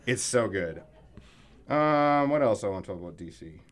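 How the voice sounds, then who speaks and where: A man's voice: on the low side, animated, moderate pace, a bit bright. A man co-hosting a podcast, telling loose, profane stories with lots of laughter in casual chat. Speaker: podcast co-host.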